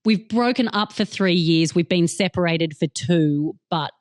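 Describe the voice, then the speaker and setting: A woman's voice: fairly low pitch, measured pace, dry recording, studio quality. A woman with an Australian accent, a comedian chatting as a podcast guest, candid and self-mocking with frequent laughter. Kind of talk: casual podcast chat.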